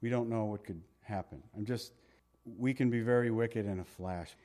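It's a verse-by-verse sermon from a male pastor, full of animated, conversational storytelling. Scripture gets read aloud slowly, and his voice dips low to underline important moments.

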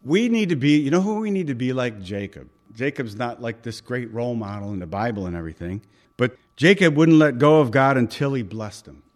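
A man's voice: medium pitch, lively intonation, brisk. A male pastor preaching a sermon at an evening church service, emphatic and repeating key phrases, with occasional chuckles.

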